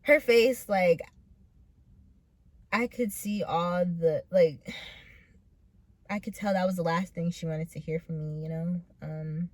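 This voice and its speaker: Young woman in her late teens, low pitch, earnest vlog confessional, halting and emotional. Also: darkish tone, dry recording. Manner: hesitant, full of pauses and "like" fillers; earnest and emotional, close to tears. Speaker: vlogger telling her own story. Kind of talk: personal storytelling.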